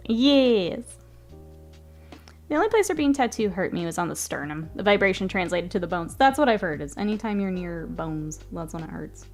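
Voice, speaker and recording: A woman streamer chatting casually with her live chat while she works, often murmuring softly, laughing easily, with a stuffy nose. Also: on the low side, lively intonation, normal speed, soft background music.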